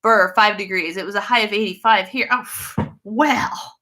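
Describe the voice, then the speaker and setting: Chatty woman with a bright voice. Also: medium pitch, normal speed. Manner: chatty and easily sidetracked, with many fillers. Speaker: YouTube livestream host. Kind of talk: casual livestream chat.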